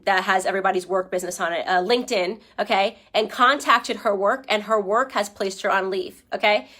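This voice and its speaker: A woman's voice: fairly high pitch, a bit bright. Emphatic, argumentative woman commentator. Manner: emphatic, argumentative, keeps asking the listener "okay?". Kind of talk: opinionated commentary.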